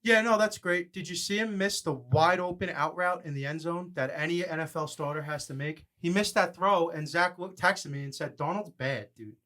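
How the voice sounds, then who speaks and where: A man's voice: on the high side, pushed and bright. Brash male sports podcast host. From New York area. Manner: brash, fast-talking, banters and ribs his co-host. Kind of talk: casual sports betting chat.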